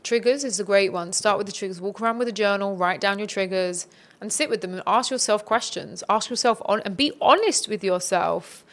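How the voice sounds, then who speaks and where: A woman talks through personal growth in an earnest, reflective coaching tone. Her voice sits at an ordinary middle pitch, and she speaks in a relaxed conversational podcast style. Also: a little fast. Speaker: podcast guest.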